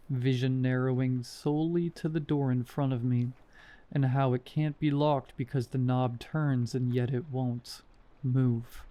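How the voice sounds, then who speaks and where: A man reads first-person horror stories aloud in a steady, measured way. His voice is mellow and soft-edged, sitting at an ordinary male pitch. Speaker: horror story narrator. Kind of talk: scripted horror story narration.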